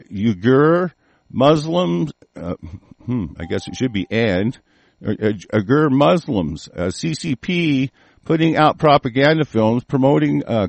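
A man's voice: medium pitch, creaky, no echo. A man reading news items aloud and breaking into profane, threatening rants, stumbling over words with many fillers. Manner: profane, threatening outbursts between halting reading. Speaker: commentator. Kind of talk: angry reading-and-rant commentary.

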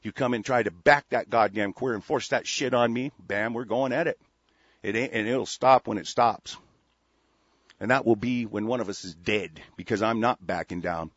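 A man's voice: on the low side, normal speed, fairly bright tone, no echo, lo-fi sound. A male radio show host delivering a profane, combative monologue. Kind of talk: heated monologue on internet radio.

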